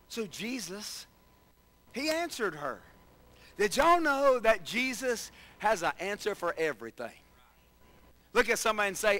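Male pastor, very high bright voice, builds to shouts, chats with the pews. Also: low-quality recording. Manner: preaching with rising, shouted emphasis and many asides to the congregation. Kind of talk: sermon.

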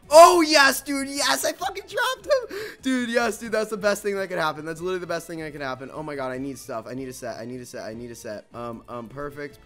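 A young man giving frustrated, swearing commentary over his own gameplay and repeating himself a lot. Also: medium pitch. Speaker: gaming video creator.

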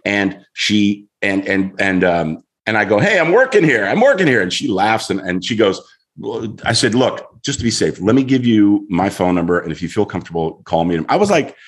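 A middle-aged man, a guest on a show, telling a story in an animated way and acting out voices as he goes. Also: fairly low pitch, normal speed. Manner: lively, acts out voices in his story.

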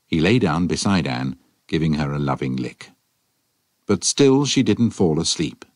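A man narrating a children's adventure story in an expressive storytelling manner. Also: a bass voice, a little slow, no echo.

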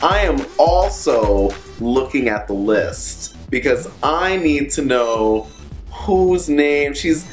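A sassy young man telling a comic story to camera, animated and profane. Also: mid-range voice, takes it slowly, echoey room, soft background music. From Brooklyn, USA. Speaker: vlogger host. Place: bathroom.

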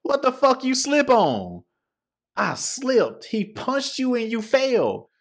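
High, lively mocking reaction host, man. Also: slow pace. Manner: profane, mocking, excitable trash talk. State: hoarse, losing his voice. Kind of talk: casual reaction commentary.

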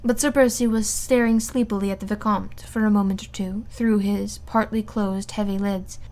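A woman reading a classic novel aloud in a steady, even narration. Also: mid-range voice, normal speed. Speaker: audiobook reader.

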